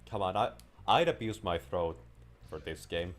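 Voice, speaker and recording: A man's voice: deep voice, slow, a little hiss or hum. A man giving casual, playful gameplay commentary as a gaming video creator, rambling and joking as he plays. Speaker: gaming YouTuber.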